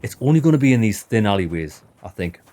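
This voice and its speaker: A man with a Sunderland accent giving casual commentary while playing a game, chatty and quick to laugh. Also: lowish voice, very animated, mellow. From north-east England. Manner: chatty, laughing, mimics dialect. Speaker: gaming let's-player.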